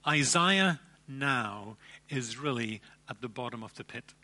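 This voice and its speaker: A man preaching a sermon, emphatic, with dramatic pauses and repeated phrases. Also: medium pitch, lively intonation, bright, forceful tone. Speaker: pastor.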